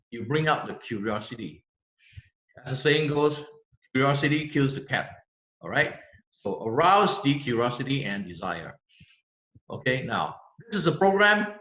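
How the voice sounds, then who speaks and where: A man's voice: medium pitch, pushed and bright. A man giving a sales training lecture, emphatic and repetitive, often checking in with "okay?". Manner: emphatic, repeats words, tag questions like "okay?". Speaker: business trainer. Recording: echoey room, dull lo-fi sound.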